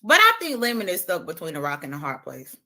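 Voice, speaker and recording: A woman on a livestream talks fast in a lowish voice, animated and brash, taunting and swearing in casual trash talk as she works through a lemon.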